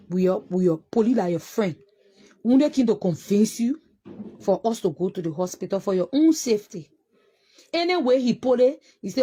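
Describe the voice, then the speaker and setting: Liberian woman, grieving mother, impassioned and accusing, slightly high husky voice. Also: expressive, a little fast, dark tone. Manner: impassioned, accusing, repeats phrases. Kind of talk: emotional public statement.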